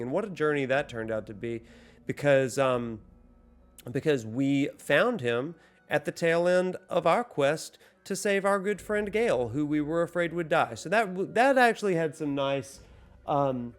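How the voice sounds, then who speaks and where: A man's voice: a little high, expressive, unhurried. A man in a casual gaming vlog, rambling through his recap with lots of fillers and self-deprecating asides. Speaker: gaming vlogger.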